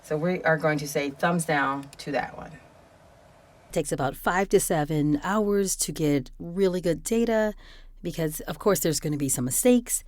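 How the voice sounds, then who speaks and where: A woman voice actor with a low-pitched voice gives a casual, unhurried walkthrough of her home screen setup, chatty and explanatory and correcting herself as she goes. She is close on a quality studio condenser microphone in a quiet room, and the recording is dry.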